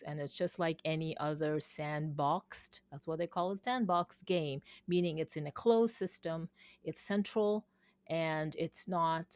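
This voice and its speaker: A woman's voice: on the low side, no room sound. A woman talking casually in a vlog, thinking aloud, rambling and reading things off her screen. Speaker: vlogger.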